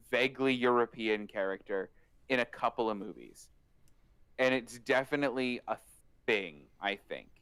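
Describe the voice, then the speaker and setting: A man's voice: mid-range voice, fairly bright tone, smooth, no room sound. A man co-hosting a film podcast, telling a story and asking his co-hosts questions. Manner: conversational, asks questions, storytelling. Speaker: podcast co-host. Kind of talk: casual chat.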